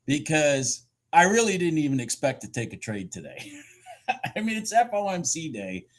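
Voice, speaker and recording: A man giving casual live commentary on his futures trades, excitable and swearing freely as he talks to himself and his viewers. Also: on the high side, normal speed.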